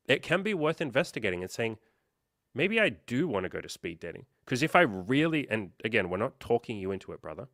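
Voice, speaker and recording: A man hosting a livestream as a life coach, chatting casually and reading out viewer comments, with lots of fillers and quick quoted reactions. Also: mid-range voice, fairly bright tone, no room sound, clean studio sound.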